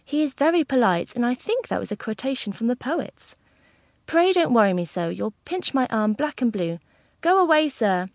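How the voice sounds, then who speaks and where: A woman's voice: on the high side, sing-song, normal speed, no room sound, clean studio sound. A woman voicing a fussy, self-important middle-aged mother who talks in a prim, huffy way, in a storybook reading.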